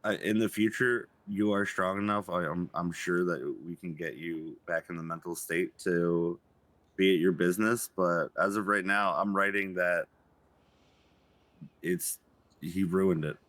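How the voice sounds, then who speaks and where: A man playing a calm therapist in a roleplay, speaking gently and hesitantly with frequent restarts. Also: low-pitched, measured pace, no room sound. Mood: earnest, halting. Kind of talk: GTA roleplay stream acting.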